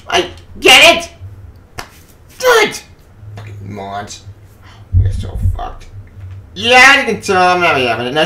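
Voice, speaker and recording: A man giving a furious, profane rant on a comics news vlog, often shouting. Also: high voice. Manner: angry, profane ranting with frequent shouting. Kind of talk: ranting opinion vlog. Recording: echoey room, voice off-mic.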